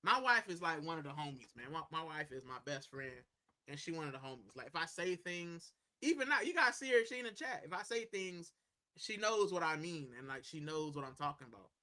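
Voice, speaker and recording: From a corner of his home, a man hosts a livestream, chatting loosely with viewers, reading their comments, and saying "bro" constantly. His voice is fairly high and bright with a forceful edge, swinging widely in pitch at a fairly quick pace.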